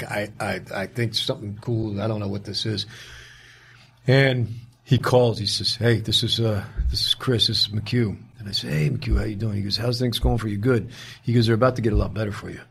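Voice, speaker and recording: A man being interviewed as an actor guest, telling an animated story in a casual way, quoting the people in it and restarting his sentences often. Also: lowish voice, gravelly, husky.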